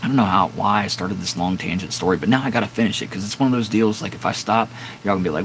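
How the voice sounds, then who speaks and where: A man's voice: lowish voice, fast, a little hiss or hum, rough recording. A man in his fifties casually telling a long, candid story on a live stream from his garage, rambling with fillers and restarts. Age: 50s. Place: home garage with door open at dusk.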